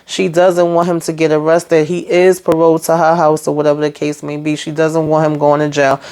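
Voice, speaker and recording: A woman's voice: deep voice, completely flat delivery, brisk, dark tone, smooth. A woman hosting a casual TV recap, chatty and sassy, retelling scenes through quoted dialogue. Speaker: reality TV recap host.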